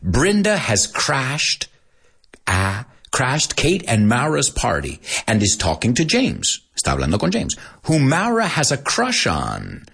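A man's voice: mid-range voice, huge pitch swings, unhurried, gravelly, a bit bright, husky. A man teaching English as a language lesson, explaining words in Spanish and switching back and forth between the two languages.

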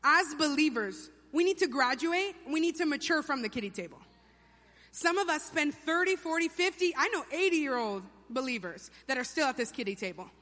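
A woman's voice: sits high, animated, moderate pace, pushed and bright. A young adult woman preaching a sermon in a church, chatty and playful, acting out quotes in funny voices. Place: church sanctuary. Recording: long hall reverb.

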